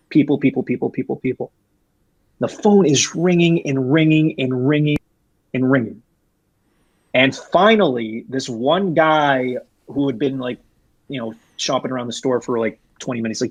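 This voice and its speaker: Young adult man, husky, dry close mic, casual rambling storyteller. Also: mid-range voice, moderate pace, no echo. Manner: rambling, frequent restarts and fillers, animated when retelling. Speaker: guest, former retail employee.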